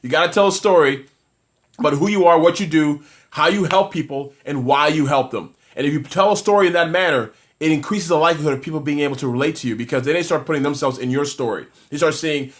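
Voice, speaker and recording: A man coaching small businesses on a live stream. His voice sits a little high and he talks energetically, reacting to viewer comments with frequent false starts. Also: fast talker. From Toronto, Canada. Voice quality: energetic, talkative, many restarts.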